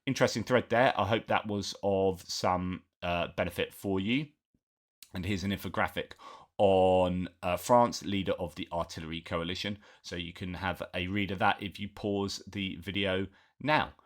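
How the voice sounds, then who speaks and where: Low-voiced man reading war news. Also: fairly even intonation, normal speed. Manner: reads articles aloud with frequent asides and filler words. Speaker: news commentary host.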